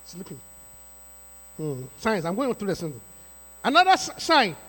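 A pastor delivers his sermon in a strikingly high, animated voice with a bright, forceful edge. He repeats his points with emphasis and breaks into sudden shouts. The sound rings with the long reverb of a church hall. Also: moderate pace. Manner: emphatic, repetitive preaching with rising shouts. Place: church sanctuary.

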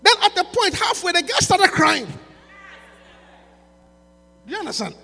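A man, preaching a sermon by retelling a story, going from quiet asides to shouting. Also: very high-pitched, sing-song, unhurried, gravelly, soft background music. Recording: reverberant hall with mains hum.

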